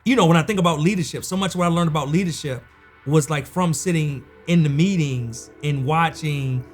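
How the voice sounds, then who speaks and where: A man's voice: fairly high pitch, brisk, soft background music. A man hosting a podcast in casual chat, easygoing and jokey, who reflects on his own past jobs. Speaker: podcast host.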